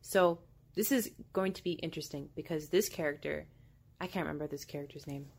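A young woman with a slightly low voice chats casually as she comments on a movie she is watching. Her talk is loose and full of fillers, and she stays animated throughout. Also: a little fast, vocal fry, husky. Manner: chatty, filler-heavy, animated.

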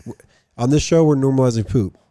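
A man's voice: medium pitch, a little slow, dark tone, no room sound, studio quality. A young man co-hosting a podcast in casual chat, rambling and swearing freely. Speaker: podcast co-host.

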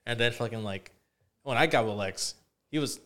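A man's voice: medium pitch, moderate pace, fairly bright tone, smooth. A young man co-hosting a podcast, telling stories in a rambling, profane, casual chat. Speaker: podcast co-host.

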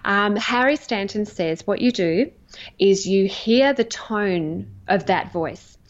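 A woman's voice: mid-range voice, animated, takes it slowly. A woman trading coach answering interview questions in an earnest, emphatic, enthusiastic way. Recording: dull lo-fi audio.

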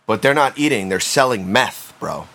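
Low bright-voiced man wisecracking. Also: normal speed, vocal fry. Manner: wisecracking, swears, reads news aloud flatly. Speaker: podcast co-host. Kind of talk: casual banter.

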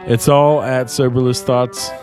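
A man's voice: medium pitch, flat delivery, unhurried, music in the background. A man co-hosting a podcast, dropping short, dry wisecracks and reading the show's contact details. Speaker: podcast co-host. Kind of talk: casual chat.

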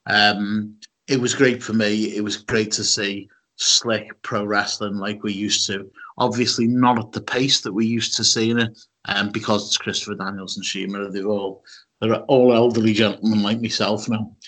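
A man's voice: lowish voice, level tone, moderate pace, fairly bright tone. A man with a Scouse accent co-hosting a podcast, talking casually with many ums and restarts. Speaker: podcast co-host. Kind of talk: casual chat.

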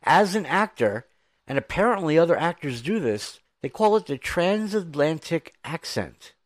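A man's voice: fairly high pitch, very animated, moderate pace, no echo. An American man hosting a podcast, chatting in an enthusiastic, storytelling way full of asides. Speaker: podcast host. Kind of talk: casual podcast chat.

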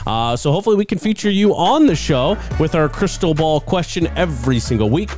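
A man's voice: fairly high pitch, expressive, brisk, a little mellow. Upbeat male podcast host over faint music. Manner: upbeat show-closing plugs. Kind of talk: casual sports podcast hosting.

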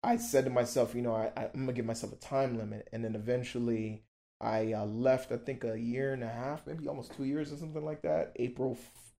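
Animated, slangy storytelling man. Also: medium pitch, a little fast, creaky. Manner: animated, slangy, repeats for emphasis. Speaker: podcast guest. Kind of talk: casual storytelling.

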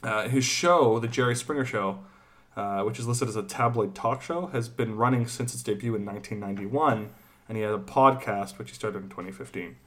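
A man's voice: on the low side, a little fast. A man hosting a casual podcast, reading out facts in a rambling way with fillers and laughs. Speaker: podcast host.

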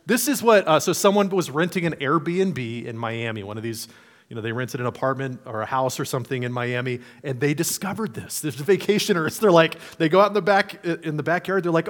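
A male pastor delivers a sermon in an easygoing, conversational manner. His voice sits a little higher than most men's. He slips into playful imagined voices to make his points. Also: fairly quick.

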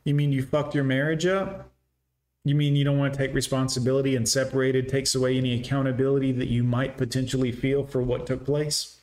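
A man's voice: medium pitch, flat delivery, fairly quick, a little mellow. A man giving sarcastic, scornful reaction commentary, lecturing his listeners.

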